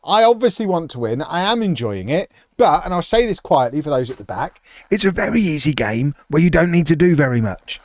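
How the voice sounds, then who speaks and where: A man who is a football commentator chats sarcastically with viewers on a live stream while playing, animated and often laughing. His voice is high-pitched, captured in a dry, studio-quality recording.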